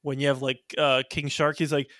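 A man's voice: medium pitch, level tone, normal speed, a bit bright, no echo, clean studio sound. A man co-hosting a podcast in casual chat, chiming in with short agreements and tangents. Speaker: podcast co-host.

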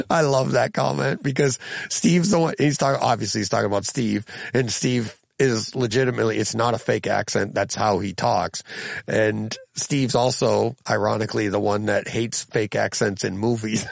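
A man with a gravelly, fry-edged voice at an ordinary pitch talks his way through listener comments for his podcast. He rambles, restarts his sentences and chuckles often. The sound is dry and close, with little room around it. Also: lively intonation, moderate pace, no room sound. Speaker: podcast host. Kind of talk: casual podcast chat reading listener comments.

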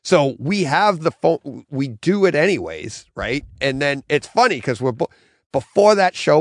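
Middle-aged male podcast host, gravelly, dry close sound, rambling casual storyteller. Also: mid-range voice, lively intonation, normal speed, no echo. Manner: rambling storyteller, acts out his own quotes.

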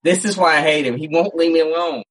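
A man with a slightly raised pitch, chatting casually as a podcast co-host. He rambles through his stories with many restarts and fillers. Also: fast, a bit bright, breathy edge, poor audio. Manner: rambling storyteller with frequent restarts. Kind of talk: casual chat. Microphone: home setup, cat nearby.

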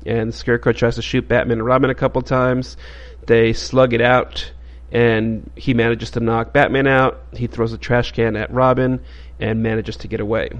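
Brief: male podcast host, mid-pitched voice, loose rambling recap full of fillers. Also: level tone, moderate pace, dull audio. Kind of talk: casual comic book recap.

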